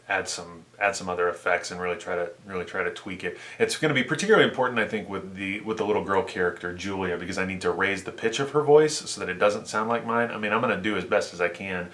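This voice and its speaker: Low-voiced man in his thirties vlogging. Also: a bit bright. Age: 30s. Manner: chatty, explaining his plans with restarts. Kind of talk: casual vlog.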